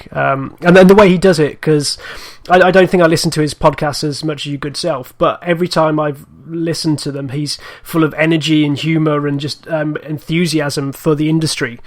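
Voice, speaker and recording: Male podcast guest, slightly high, monotone, measured and thoughtful. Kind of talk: casual podcast chat.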